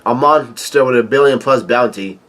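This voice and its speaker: In a low-quality home recording, a man reads a manga chapter aloud and reacts excitedly, often halting with fillers and restarts.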